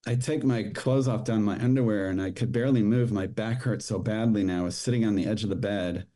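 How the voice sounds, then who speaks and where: A middle-aged man, a podcast guest, telling a personal story in a rushed, halting way with many restarts. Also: fairly low pitch, fairly even intonation, warm tone.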